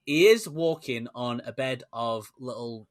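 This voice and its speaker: Excitable podcast co-host. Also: male voice, medium pitch, measured pace, crowd noise. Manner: excitable, stumbles and restarts, acts out little voices. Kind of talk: casual comedic chat.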